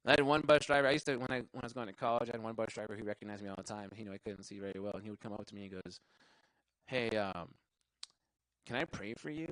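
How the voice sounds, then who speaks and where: A man's voice: fairly low pitch, level tone, rapid-fire, few pauses, a bit bright, no echo, poor audio. A young man doing a stand-up comedy set, rambling, cursing freely and laughing at his own jokes. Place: live show venue.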